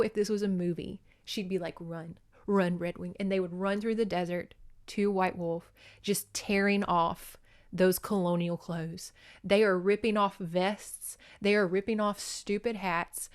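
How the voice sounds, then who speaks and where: Teary and crying, an American podcast host casually reviews a book, cursing a lot and dissolving into tearful laughs. She has a medium-pitched voice with a clean tone.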